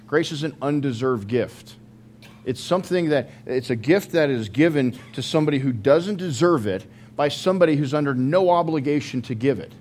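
A man's voice: medium pitch, darkish tone, a little hiss or hum. Conversational male pastor preaching. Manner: conversational, with joking asides and restarts. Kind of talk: sermon.

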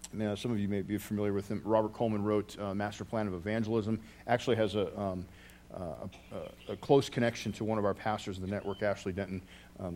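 A man's voice: fairly low pitch, mellow. A man preaching a sermon as a pastor, telling a story earnestly and often restarting his phrases.

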